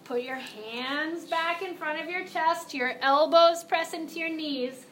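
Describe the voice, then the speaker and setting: With a high, fairly bright voice, a woman speaks a little slowly amid slight background noise. She guides a children's yoga class playfully and encouragingly, calling out sing-song animal cues; the classroom or studio echoes and music plays behind.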